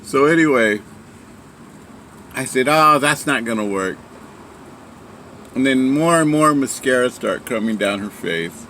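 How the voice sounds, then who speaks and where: A man's voice: medium pitch, lively intonation, unhurried, pauses often, bright, forceful tone, a little hiss or hum. A man casually telling a story about a sailing trip, rambling with many fillers and restarts. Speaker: speaker sharing a story.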